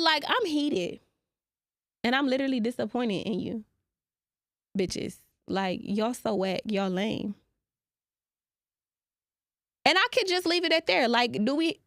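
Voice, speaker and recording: A woman's voice: a little high, no room sound, studio quality. Brash profane woman podcast host. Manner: brash, profane and playful, talking straight to listeners. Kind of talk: casual podcast monologue. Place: small podcast studio. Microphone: studio microphone.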